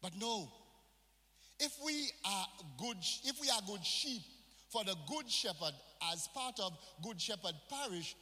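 A man's voice: high voice, animated, unhurried, pushed and bright. A male pastor preaching a sermon in a church, with call-and-response and phrases mixed in. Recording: reverberant church hall.

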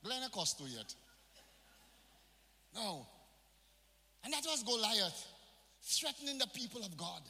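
A man's voice: high voice, big pitch swings, a little slow, long pauses, sharp tone. A male pastor preaching a sermon in a church, with call-and-response and phrases mixed in. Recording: reverberant church hall.

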